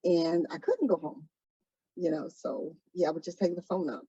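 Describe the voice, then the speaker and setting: A woman telling her own story in an interview, soft-spoken and hesitant, pausing often. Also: lowish voice, expressive, slightly rough, dry recording, muffled recording. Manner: soft-spoken, hesitant, many pauses and ums. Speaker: trafficking survivor guest. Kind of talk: interview testimony.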